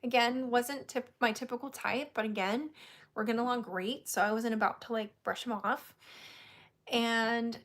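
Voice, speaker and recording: A woman's voice: fairly high pitch, steady tone, moderate pace, a bit bright. A woman hosting a casual chat, telling a story candidly and laughing often. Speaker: host.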